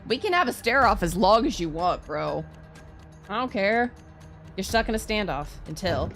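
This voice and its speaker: A woman's voice: medium pitch, sing-song, moderate pace, fairly bright tone, faint music behind, voice pushed up. A woman voicing a defiant young heroine in a game, sarcastic and challenging toward bullies.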